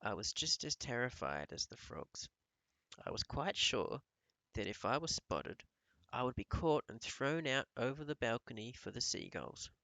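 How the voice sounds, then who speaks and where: A male teacher reading a novel aloud to his pupils in a calm storytelling voice. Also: mid-range voice, a little slow, vocal fry, dry recording, low-quality recording.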